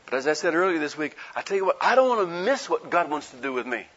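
A man's voice: fairly high pitch, very animated, fast talker, fairly bright tone, slightly rough. A man preaching a sermon in a folksy, conversational way, asking his listeners rhetorical questions and acting out the people he quotes. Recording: dull lo-fi recording.

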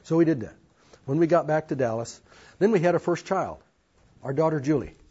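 A man's voice: on the high side, a little fast, mellow, breathy edge. An older man earnestly telling his life story to an audience, with folksy asides, in a dull lo-fi recording. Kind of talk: personal testimony to an audience.

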